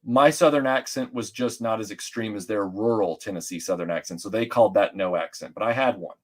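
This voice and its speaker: A middle-aged man from Atlanta, a guest telling stories in casual chat, rambling and animated with many restarts and fillers. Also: lowish voice, brisk.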